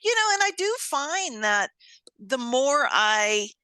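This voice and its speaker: A woman's voice: high-pitched, big pitch swings, takes it slowly, bright, forceful tone, no echo. A woman hosting an interview, chatting casually, telling stories with frequent laughter and acted-out quotes. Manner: chatty storyteller, laughs often, acts out quotes. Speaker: host.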